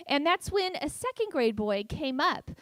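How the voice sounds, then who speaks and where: High-voiced woman comic who stutters. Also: unhurried, no room sound. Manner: stutters on repeated sounds; deadpan sarcastic delivery. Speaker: stand-up comedian. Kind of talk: stand-up storytelling. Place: festival stage.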